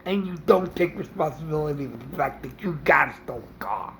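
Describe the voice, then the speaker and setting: A man venting an indignant opinion rant in a vlog, halting with fillers and restarts. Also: fairly high pitch, expressive, creaky, fairly bright tone, a little hiss or hum. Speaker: vlogger.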